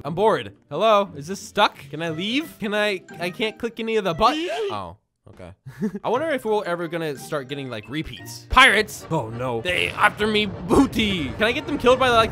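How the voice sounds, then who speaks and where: A man hosting a gaming video, joking through playful commentary with bursts of loud exclamations. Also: sits high.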